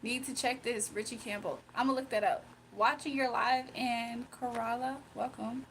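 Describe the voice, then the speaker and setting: A young woman from Virginia hosting a casual livestream, reading comments aloud, emotional and quick to laugh. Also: on the high side, fairly even intonation, fairly bright tone, slight background noise. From Virginia, USA. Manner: emotional, giggly, talks to chat. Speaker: livestream host.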